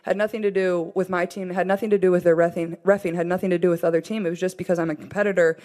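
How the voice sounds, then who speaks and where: A woman's voice: fairly low pitch, steady tone, racing, dark tone. A woman athlete answering questions at a press conference in a candid way, with fillers. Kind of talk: post-game press conference.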